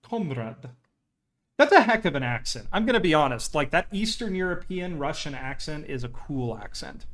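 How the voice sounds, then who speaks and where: A man's voice: a little high, sing-song, brisk, hardly any pauses, fairly bright tone. A young man casually commentating his gameplay live, chatting to viewers and cheering on his rocket aloud. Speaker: game streamer.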